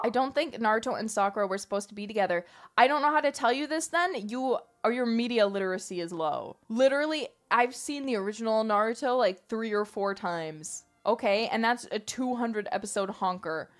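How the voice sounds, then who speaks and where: High-voiced woman ranting emphatically. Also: brisk, faint music behind. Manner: animated, emphatic, swearing. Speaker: streamer. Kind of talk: casual stream rant.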